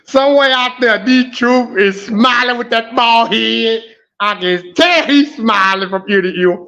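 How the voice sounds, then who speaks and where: Guy ranting on his live stream, high voice, lots of oohs and lord have mercys, muffled lo-fi sound. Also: a little slow. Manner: animated, exclaiming, laughing and groaning. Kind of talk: emotional live stream commentary. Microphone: home streaming setup.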